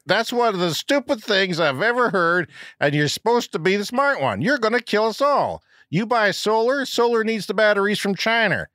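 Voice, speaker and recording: A man's voice: high-pitched, fairly bright tone, no echo, pitched above the performer's own voice. A man putting on a blustering redneck ranter. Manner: blustering, scornful. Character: belligerent redneck man mocking solar power.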